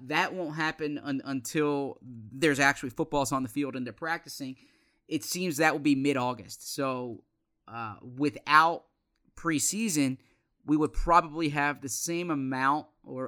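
A man co-hosting a sports podcast, explaining team news in a measured way with frequent restarts. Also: mid-range voice, sharp tone. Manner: measured, many restarts and fillers. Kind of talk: casual sports podcast chat.

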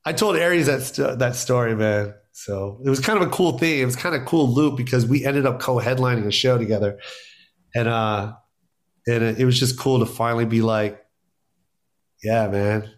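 A man's voice: medium pitch, normal speed. A middle-aged man, a stand-up comedian, telling stories in casual podcast talk, acting out quotes and laughing often.

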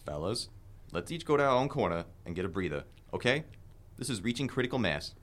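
A man's voice: lowish voice, big pitch swings, fairly quick. Wade, a man playing a frazzled TV producer. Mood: placating. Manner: exasperated, pleading. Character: harried TV producer, frazzled middle-aged man. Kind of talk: comedic radio-play acting.

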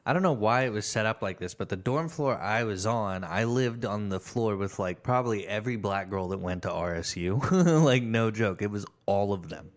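A man's voice: lowish voice, expressive, normal speed, few pauses. A man chatting casually on a podcast, telling rambling stories full of fillers. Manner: rambling, filler-heavy storytelling. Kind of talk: casual chat.

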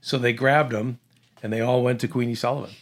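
Middle-aged man from the Boston area, gravelly, mid pitch, animated storyteller. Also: a little fast. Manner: animated, acts out voices, restarts often. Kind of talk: casual conversational storytelling.

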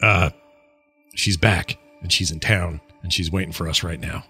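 A man's voice: low voice, moderate pace, pushed and bright, breathy edge, soft background music. A man playing in a tabletop game, talking in a hesitant, rambling, nervous way. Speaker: player. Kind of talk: casual tabletop role-play.

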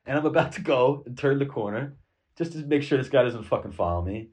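A man's voice: mid-range voice, expressive, a little fast, darkish tone, slightly rough. A middle-aged man from the United States telling a rambling, casual story full of fillers and swearing. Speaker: vlogger.

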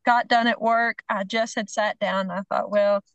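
A middle-aged woman, a horse trainer on a podcast, telling a story in a lively way and acting out what people said. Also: mid-range voice, moderate pace, smooth, no echo, dull audio. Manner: animated storyteller, acts out the other people's lines, laughs between phrases. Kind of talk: casual storytelling chat.

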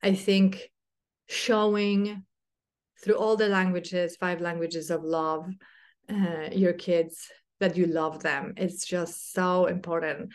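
Podcast mom, thirties, low-pitched, halting and heartfelt. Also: female voice, steady tone. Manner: hesitant, many fillers and restarts; earnest and heartfelt. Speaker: podcast host, mother. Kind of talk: casual reflective monologue.

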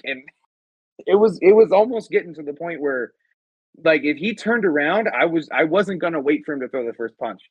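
A man co-hosts a podcast in emphatic, profane, casual talk. His voice is husky and sits a bit high. The recording is dry and close. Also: lively intonation, a little fast, no room sound. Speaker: podcast co-host. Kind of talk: casual chat.

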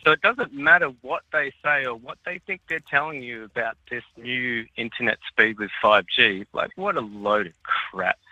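Man, indignant rant, very bright tense tone, dry close sound. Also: mid-range voice, no echo, low-quality recording. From Australia. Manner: ranting, indignant. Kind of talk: casual chat.

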